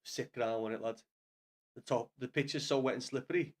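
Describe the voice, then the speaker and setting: A man's voice: mid-range voice, fairly even intonation, fairly quick. A man with a Scouse accent giving sweary, frustrated live commentary to viewers as he watches a football match from a small home studio. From Liverpool, England.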